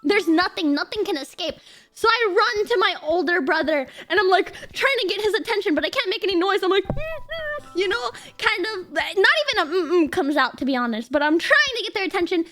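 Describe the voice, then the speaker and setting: A young woman streamer chatting casually and telling a story with animated energy and frequent laughter. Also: very high-pitched, brisk, soft background music. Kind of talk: casual chat.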